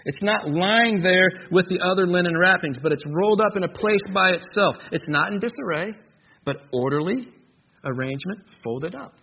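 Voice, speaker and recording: A man with a slightly high voice preaches a verse-by-verse sermon, hammering home points through repetition. The recording sounds muffled and lo-fi, with a faint hiss behind him. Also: expressive, moderate pace. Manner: emphatic, repeats key phrases for stress. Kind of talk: expository sermon. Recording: dull lo-fi recording with faint noise.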